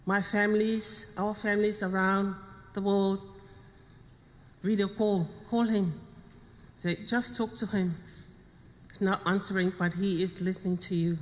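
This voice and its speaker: Slow-speaking Samoan-accented widow, echoing hall. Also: female voice, medium pitch, fairly even intonation. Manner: halting, heartfelt, short broken phrases, switching into Samoan. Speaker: widow of the deceased. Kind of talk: funeral eulogy. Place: funeral service venue. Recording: long reverb of a funeral hall.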